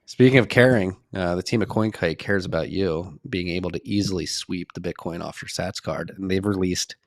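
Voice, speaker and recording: Low-voiced teasing podcast host man. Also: normal speed, no room sound, clean studio sound. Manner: teasing, joking. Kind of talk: casual chat. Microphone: remote podcast mic.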